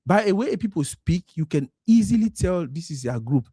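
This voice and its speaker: A man's voice: sits high, big pitch swings, normal speed, warm tone, breathy edge, no echo, studio quality. A man from Cameroon with a Cameroonian Pidgin English accent, hosting a live stream in a casual monologue that slides between Pidgin and English. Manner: mixes Pidgin and English, acts out quoted voices.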